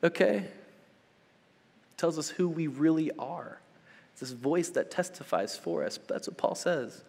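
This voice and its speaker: A young adult male pastor preaching a sermon, swinging between loud urgent build-ups and hushed soft passages, checking in with "okay?" and "right?". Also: a little high, lively intonation, measured pace, vocal fry, big-room sound. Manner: conversational, with frequent "okay?" and "right?" check-ins.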